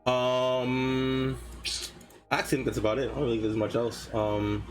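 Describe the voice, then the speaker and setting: A man co-hosting a podcast in casual chat, agreeable and quick to back up the others, with frequent filler words. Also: mid-range voice, completely flat delivery, soft background music, low-quality recording. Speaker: podcast co-host.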